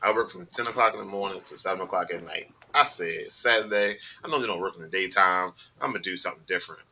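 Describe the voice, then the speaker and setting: A man telling rideshare-driving stories on a podcast, animated and full of profanity. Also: low-pitched, quick pace, slight background noise, low-quality recording. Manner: animated storytelling, heavy profanity. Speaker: podcast host, rideshare driver. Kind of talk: casual chat.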